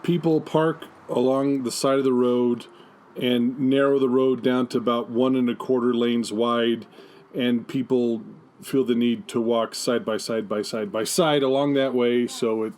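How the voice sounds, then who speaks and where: A man's voice: mid-range voice, steady tone, measured pace, a little mellow. A man talking casually and wryly as a guest on an outdoor deck. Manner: wry, explains in detail. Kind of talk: casual chat.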